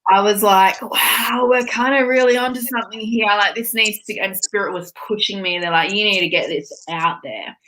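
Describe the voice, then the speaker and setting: A middle-aged woman, a spiritual teacher, telling her story in a casual interview with candid, expressive talk and the odd swear word. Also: medium pitch, moderate pace, few pauses.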